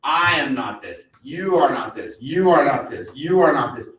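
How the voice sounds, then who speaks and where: A man's voice: a little high, lively intonation, normal speed, fairly bright tone. Blunt male open mic host. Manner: blunt, stern, laying down house rules. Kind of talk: stage announcements to a live audience. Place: cafe venue. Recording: echoey room, mic far off, faint noise.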